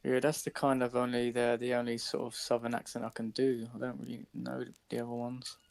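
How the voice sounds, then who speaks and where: A British man chatting casually over voice chat, relaxed and a little profane. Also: mid-range voice, a little fast, vocal fry. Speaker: guest in voice chat.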